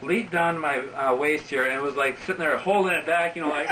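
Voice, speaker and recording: Rambling middle-aged man, far from the mic. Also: a little high. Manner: rambling, full of fillers, breaks into laughter. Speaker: interviewee. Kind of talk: casual storytelling. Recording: distant mic with faint background noise.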